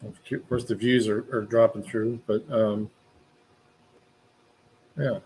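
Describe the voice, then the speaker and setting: A man's voice: lowish voice, flat delivery, unhurried, darkish tone, slight background noise, rough recording. A man chatting casually in a rambling, hesitant way about channel numbers. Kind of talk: casual chat.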